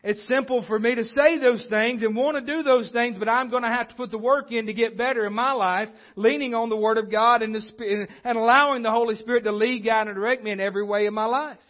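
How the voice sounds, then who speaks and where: A man with a high-pitched voice delivers a sermon from the pulpit, speaking conversationally and often stumbling into restarts. The sound is dull and lo-fi, as if captured on modest equipment. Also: steady tone, quick pace, few pauses. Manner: conversational preaching with frequent restarts. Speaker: pastor. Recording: dull lo-fi recording.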